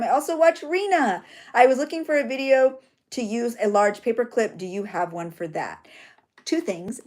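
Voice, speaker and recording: A woman's voice: a little high, darkish tone. A middle-aged woman, hosting a journaling vlog in a chatty, emotional way. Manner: chatty, emotional, tearful at times. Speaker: journaling channel host. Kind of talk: chatty crafting vlog talk.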